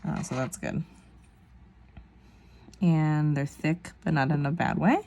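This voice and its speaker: Gravelly low-voiced woman vlogger. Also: fairly even intonation, slow, dark tone. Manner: chatty, rambling, self-deprecating asides. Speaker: nail vlogger. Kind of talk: casual tutorial chat.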